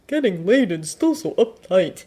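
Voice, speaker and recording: A woman's voice: mid-range voice, moderate pace, warm tone, voice pushed up, natural voice. A woman voicing a crude, lecherous teenage boy who whines and leers, in a fanfiction audiobook reading. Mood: whiny. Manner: whining, leering.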